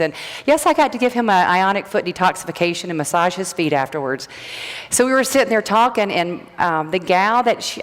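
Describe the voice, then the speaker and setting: A middle-aged woman speaking casually to a live audience, chatty and rambling, often restarting her sentences. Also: low-pitched. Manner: rambling, chatty, self-interrupting storyteller. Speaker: graduate speaker, natural health practitioner. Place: event hall. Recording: long hall reverb.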